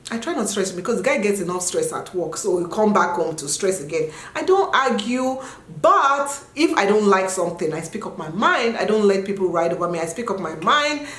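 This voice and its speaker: Woman vlogger, casual chat answering questions, lively jumps into high voices, mid pitch, roomy echo. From Nigeria. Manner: animated, jumps into high sung and yelled bits.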